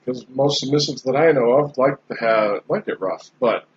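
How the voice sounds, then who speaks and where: A man in casual podcast chat, talking in a relaxed, rambling way with frequent restarts. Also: medium pitch, normal speed, breathy edge. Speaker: podcast host. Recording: slightly dull lo-fi sound with faint background noise.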